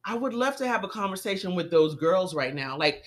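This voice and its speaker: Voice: mid-range voice, expressive, a little fast, a bit bright. A co-host in a heated casual discussion who talks earnestly and often backs up the others. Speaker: podcast co-host.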